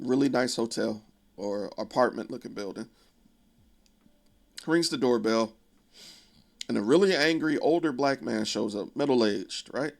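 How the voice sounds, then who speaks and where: Gravelly man casually recapping a film. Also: mid-range voice. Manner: profane, conversational, wry asides. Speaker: video creator.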